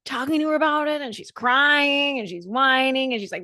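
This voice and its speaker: A woman's voice: high-pitched, a little fast, pushed and bright, no echo, studio quality. A woman dance coach hosting a solo podcast, talking in an earnest, motivational way with emphatic repetition.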